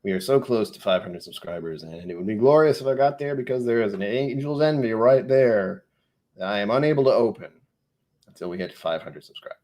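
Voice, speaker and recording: A man's voice: on the low side, expressive, brisk, a little mellow. A man with a New England accent hosting a whiskey live stream, chatting, easily distracted and joking at his own expense. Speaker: whiskey channel host.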